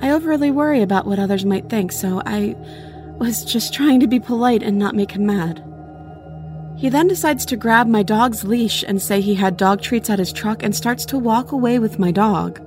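A woman's voice: medium pitch, normal speed, darkish tone, faint music behind. A woman narrating a first-person true story in an earnest, conversational way. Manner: earnest, conversational retelling with small restarts.

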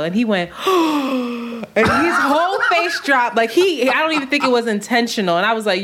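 Animated woman telling a story. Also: fairly high pitch, normal speed. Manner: animated storyteller, laughing through anecdotes. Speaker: podcast guest. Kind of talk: casual chat.

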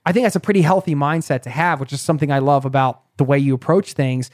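A man's voice: on the high side, fast talker, darkish tone, dry recording, studio quality. A man hosting a conversational podcast interview, chatty and asking probing questions. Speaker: podcast host.

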